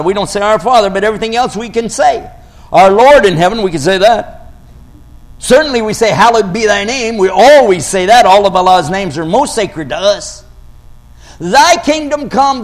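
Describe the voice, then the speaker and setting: Brief: high-pitched male preacher, argumentative, theatrical scripture quotes. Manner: argumentative, quotes scripture dramatically, rises to shouts. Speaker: Islamic preacher. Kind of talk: religious talk to an audience.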